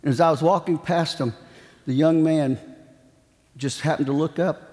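A man's voice: fairly high pitch, steady tone, normal speed, darkish tone, big-room sound. A man preaching a sermon, telling a story with dramatic, emphatic repetitions.

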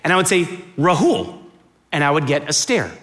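A man in his thirties or forties from the United States, telling funny stories in a chatty, animated talk to a live, clapping audience. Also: fairly high pitch, very fast. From United States (Miami). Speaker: speaker giving a talk.

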